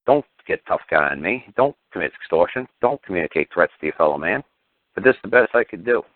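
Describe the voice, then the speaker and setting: Gruff man ranting over a phone line. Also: low-pitched, lively intonation, fast talker, no echo. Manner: blunt, profane and combative, acts out courtroom exchanges. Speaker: talk show host. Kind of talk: ranting radio call-in talk. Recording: tinny phone-line audio.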